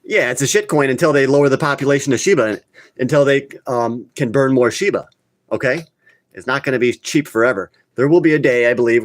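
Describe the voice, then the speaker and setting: A man's voice: medium pitch, dry recording. A man hosting a live crypto talk stream, talking casually and bluntly, getting worked up and scolding his viewers. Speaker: crypto channel host.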